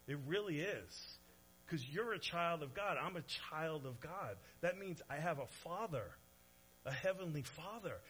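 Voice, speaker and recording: A man preaching a sermon in an animated way, swinging from soft to loud, with conversational asides to the audience. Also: a little high, husky, rough recording. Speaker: pastor.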